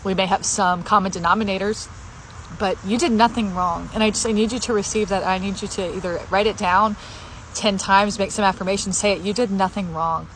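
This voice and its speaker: A woman's voice: medium pitch, steady tone, fairly quick, fairly bright tone, slight background noise, rough recording. A woman sharing a personal healing story and speaking heartfelt, repeated affirmations straight to her viewers. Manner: heartfelt, repetitive affirmations, tearful at times. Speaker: healing content creator. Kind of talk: emotional personal sharing to camera.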